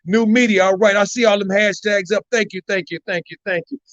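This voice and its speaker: A man hosting a live stream, excitable, shouting out viewers and repeating his phrases. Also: sits high, a little fast, no echo, lo-fi sound. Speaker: livestream host. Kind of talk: hyped live stream chat.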